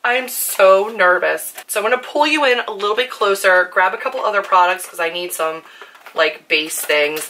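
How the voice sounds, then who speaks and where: A young woman with a hoarse, worn-out voice, chatting casually to camera about her makeup, nervous and full of "like" fillers. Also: fairly low pitch, bright, forceful tone, a little hiss or hum. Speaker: book and beauty vlogger.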